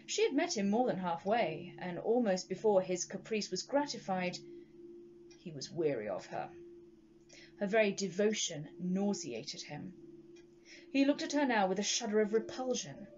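Woman storyteller, dramatic ghost-story reading, mid pitch, slightly dull recording. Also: very animated, darkish tone, slight background noise. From Sheffield, England. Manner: measured, dramatic narration.

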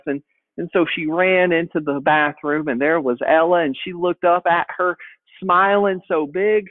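Pastor with a tinny phone-like sound. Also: male voice, on the high side, steady tone, moderate pace, no echo. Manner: conversational, folksy, frequent word repeats. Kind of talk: storytelling sermon.

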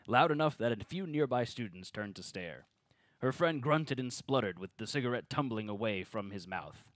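Lively, joking male narrator. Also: medium pitch, moderate pace, dry recording. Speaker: narrator and player. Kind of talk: tabletop game table read.

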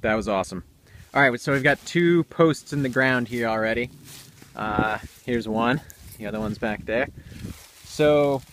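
Outside, with noise around him, a young DIY video maker talks in a medium-pitched voice about what he's building on his rural property. It's casual and a bit rambling, full of fillers, and picked up by his camera's microphone.

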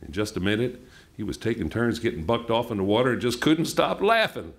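A man reading a novel aloud at a book event in an unhurried, plainspoken way. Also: mid-range voice, lively intonation, vocal fry. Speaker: reader.

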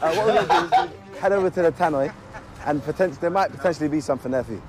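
A man's voice: a little high, fast talker, soft background music, low-quality recording. A young man pranking staff in a video, cheeky and mock-apologetic. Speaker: prankster posing as worker.

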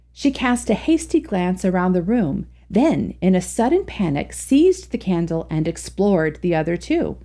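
Brief: female storytime narrator, expressive reading, mellow voice with lots of pitch movement. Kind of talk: reading a classic short story aloud.

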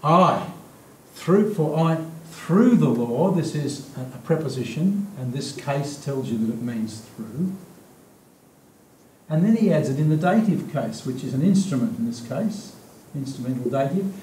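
Aussie guy teaching bible study, mellow voice, lots of uh and restarts, echoey room w a faint rumble. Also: animated. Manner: thoughtful, halting, with many fillers and restarts; slows down to stress key words of the text. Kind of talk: teaching, explaining scripture.

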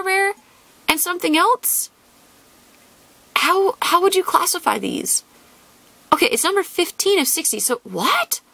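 A young woman chats to her viewers while tearing through card packs, bubbly and quick to squeal over the cute ones. Her voice sits high and swoops about a lot, with a gravelly catch underneath. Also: fairly bright tone, dry recording. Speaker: card-opening vlogger. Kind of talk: casual unboxing chatter.

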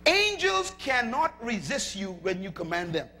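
A male preacher delivering a sermon emphatically, calling out to the congregation and shouting at peaks. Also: very high-pitched. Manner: emphatic, calls to audience.

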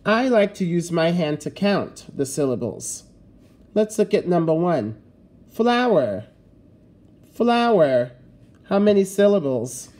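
A man's voice: sits high, animated, moderate pace, a little mellow. A man teaching a fifth-grade lesson in a recorded video, giving patient step-by-step instructions.

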